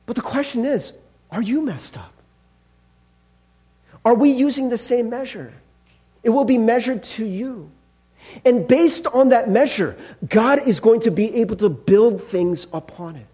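Animated, husky-voiced pastor preaching. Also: male voice, extremely high pitch, unhurried. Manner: conversational, often asks "right?"; acts out angry driver outbursts. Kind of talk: sermon.

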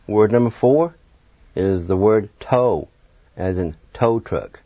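A man's voice: on the low side, lively intonation, a little slow, warm tone, no echo. A man teaching a radio language lesson, patiently spelling words letter by letter and encouraging learners. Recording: dull, dry lo-fi radio sound.

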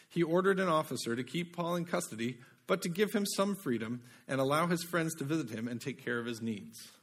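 A man preaches a sermon conversationally, frequently posing rhetorical questions to his listeners. His voice is fairly high and bright, with lively intonation and a normal speed.

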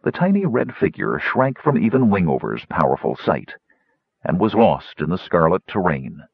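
Male audiobook narrator, lively low voice, dry lo-fi sound. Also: normal speed, creaky, slightly rough, no room sound. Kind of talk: scripted fantasy narration. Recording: dull lo-fi audiobook recording.

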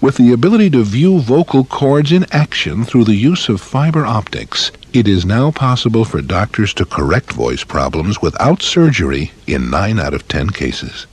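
A man's voice: lowish voice, big pitch swings, moderate pace, few pauses, a little hiss or hum. A man reading a scripted public service announcement in an earnest, explanatory way.

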